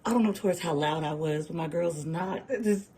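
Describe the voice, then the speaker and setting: A woman tarot reader chatting casually and telling an animated story, laughing and using slang. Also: sits low, fast talker. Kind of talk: casual chat. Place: home kitchen, early morning.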